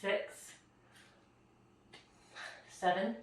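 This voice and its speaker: A woman's voice: very slow, a little hiss or hum. A woman fitness instructor, out of breath, coaching a home workout, counting reps aloud and encouraging the listener. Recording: very echoey room, mic far off.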